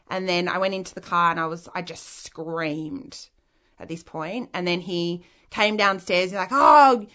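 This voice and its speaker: A woman's voice: lowish voice, bright, forceful tone. A woman with an Australian accent, an interview guest telling a personal story in a frank, rambling way with many "like" fillers.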